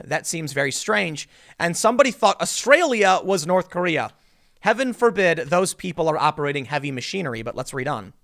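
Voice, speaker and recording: A man's voice: on the high side, a bit bright. A man hosting political commentary, talking casually and mocking his targets with sarcasm.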